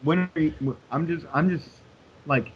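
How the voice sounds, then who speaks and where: A man's voice: on the high side, normal speed, muffled recording, slight background noise. A man co-hosting a podcast, sarcastic and rambling in casual chat. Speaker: podcast co-host.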